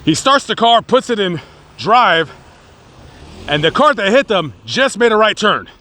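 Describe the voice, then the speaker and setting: A man narrating a true crime story in a casual, dramatic vlog style, building excitement and acting out quotes. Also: sits high, unhurried. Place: outdoors on location.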